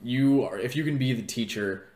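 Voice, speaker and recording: A young man in his twenties co-hosting a podcast, relaxed and supportive in casual chat. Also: medium pitch, moderate pace, echoey room. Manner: relaxed, supportive listener with short replies. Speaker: podcast co-host.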